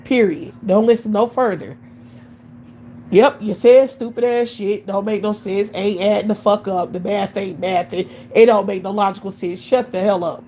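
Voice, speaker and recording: A woman's voice: medium pitch, steady tone, normal speed, hardly any pauses, mellow, slight background noise, low-quality recording. A woman in her late thirties ranting bluntly on a live stream, scornful and swearing constantly. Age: 30s. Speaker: livestream host. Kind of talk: profane live-stream rant.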